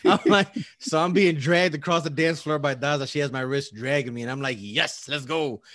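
Animated man telling a wild story. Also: fairly high pitch, brisk, dry recording, clean studio sound. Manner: animated, acts out quotes, laughs often, swears. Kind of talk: casual storytelling chat.

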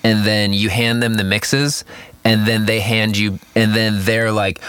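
Low-voiced man chatting about producing. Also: normal speed, fairly bright tone, dry recording. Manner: rambling, many fillers, acts out quotes. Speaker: music producer. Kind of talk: casual Q&A chat.

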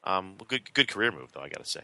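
Bright-voiced man hosting a casual chat. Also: deep voice, big pitch swings, very fast, gravelly, no room sound. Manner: wry, asks the others questions. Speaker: podcast host.

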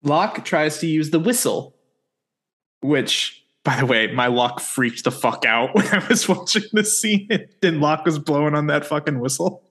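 A man's voice: fairly high pitch, unhurried, fairly bright tone. A man co-hosting a podcast, recapping a TV episode in casual chat with sarcastic asides. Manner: wry, sarcastic asides while summarizing.

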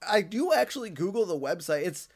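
A man from Minnesota co-hosting a casual podcast, picking apart plot holes with animated energy. His voice sits a bit high for a man, and he often restarts his words mid-thought. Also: fairly quick. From Minnesota, USA. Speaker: podcast co-host. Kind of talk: casual chat.

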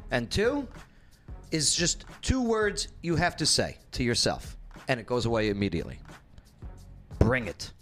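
A man hosting a casual opinion talk show, blunt and jokey, animated and fond of asides. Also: a little high.

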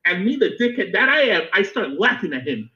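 Sharp and sing-song, this high-pitched male voice belongs to a podcast co-host from Miami who talks a little fast. He laughs readily while animatedly telling a story in casual conversation, captured on a dull, lo-fi recording.

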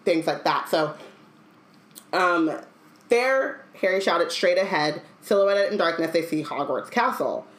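A woman co-hosting a casual book podcast, reading passages aloud and joking about them. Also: fairly low pitch. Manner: reads passages aloud, then riffs with loose jokes. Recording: echoey room.

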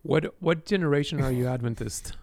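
A man's voice: fairly high pitch, brisk, a little mellow, no room sound. Man hosting a podcast, dry sound. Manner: friendly, asks questions. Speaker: podcast host. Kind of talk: casual interview.

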